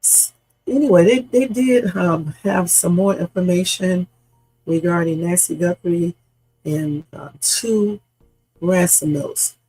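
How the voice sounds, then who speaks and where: A man hosting a casual news-reaction livestream, hoarse from a sore throat, chatting straight to his viewers with rambling asides. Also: high-pitched, slow, warm tone, no echo, rough recording. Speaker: livestream host. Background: background music.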